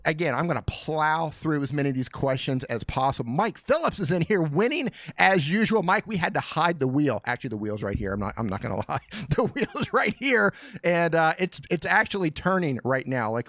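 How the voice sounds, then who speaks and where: A man hosts a casual live Q&A stream from a small studio, joking and greeting viewers by name with excited, fired-up energy. His voice runs on the high side and fairly quick, with no echo.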